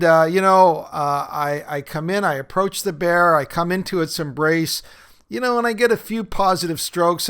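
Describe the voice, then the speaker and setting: A man's voice: on the high side, a bit bright, clean tone. A man hosting a podcast, talking casually with many fillers and laughing at his own stories as he leads a recovery-group talk.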